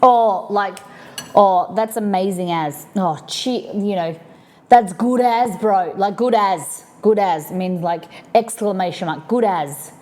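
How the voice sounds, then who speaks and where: An Australian woman talks loosely and casually to her stream audience at a middling pitch. She rambles, fills her sentences with "like" and circles back on her own explanations. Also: takes it slowly, darkish tone. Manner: chatty and rambling, lots of "like" fillers. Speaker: livestream host. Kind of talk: casual chat explaining slang to viewers.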